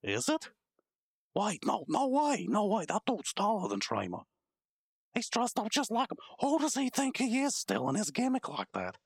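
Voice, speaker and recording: Gravelly, husky man mouthing off. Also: high voice, wildly swooping pitch, normal speed, no room sound, clean studio sound. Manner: brash, mouthy teen bravado. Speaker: podcast co-host. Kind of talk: comedic improv skit.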